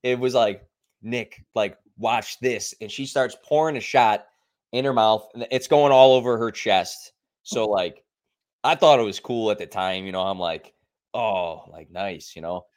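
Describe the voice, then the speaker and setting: A young adult man co-hosting a podcast and telling stories in a casual, animated way, acting out the quoted lines. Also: medium pitch, moderate pace. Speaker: podcast co-host. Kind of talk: casual storytelling chat.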